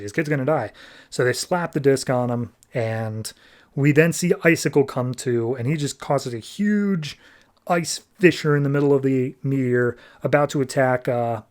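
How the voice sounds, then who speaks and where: A young man with a mid-range, darkish voice hosts a podcast, recapping a comic book in a loose, chatty way and acting out the characters' lines.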